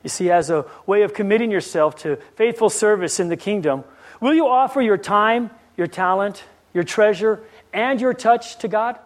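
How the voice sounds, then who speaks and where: A man's voice: sits high, moderate pace. A man preaching a sermon, pressing the listeners with repeated rhetorical questions and telling a story.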